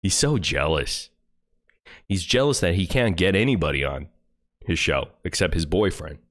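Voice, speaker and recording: Host, man; low voice with lively swings; profane, mocking reaction commentary. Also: moderate pace. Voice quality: profane, scornful, rants at the screen. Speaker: live-stream host.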